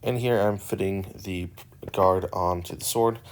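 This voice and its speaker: A man narrating a woodworking build in a relaxed, rambling voice-over, joking and poking fun at himself. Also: deep voice, measured pace. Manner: joking and self-deprecating; relaxed and rambling with filler words. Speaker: woodworking channel host.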